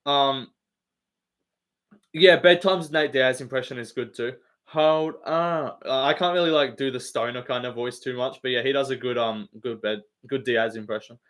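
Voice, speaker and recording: A man's voice: medium pitch, moderate pace, a bit bright. A young Australian man hosting a live stream, chatting casually and rambling with lots of fillers, swearing and laughs. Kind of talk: casual chat reading live comments.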